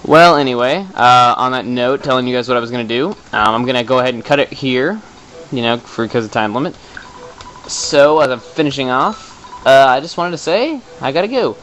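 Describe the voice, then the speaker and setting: Excitable man doing game commentary. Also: medium pitch, fairly quick, a little hiss or hum, rough recording. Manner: chatty and excitable, swears for effect. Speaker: let's play host. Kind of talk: casual gameplay commentary.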